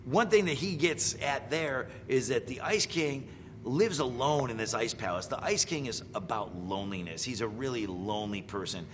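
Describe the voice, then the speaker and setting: A man's voice: mid-range voice, in a large hall, background noise. A middle-aged man, a voice actor, giving wry, playful commentary on impressions of his characters. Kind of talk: casual reaction commentary.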